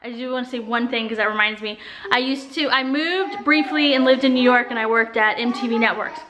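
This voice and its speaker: High-voiced chatty woman vlogger from Texas. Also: fairly quick, background noise. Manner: chatty, laughing often, storytelling. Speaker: vlogger, mother. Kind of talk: casual chat. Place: family home, indoors.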